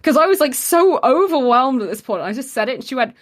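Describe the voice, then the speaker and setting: High-voiced and fast, a woman co-hosting a podcast tells a story in casual conversation. Her retelling is animated, with quoted lines performed and fillers used frequently.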